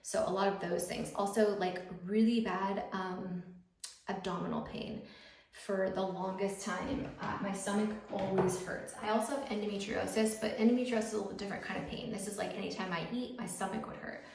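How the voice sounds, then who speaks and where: This woman, a YouTuber in her thirties, speaks a little fast in a gravelly, darkish medium-pitched voice with fairly even intonation. She chats casually with many fillers while getting ready at home, in a recording with roomy echo and faint background noise.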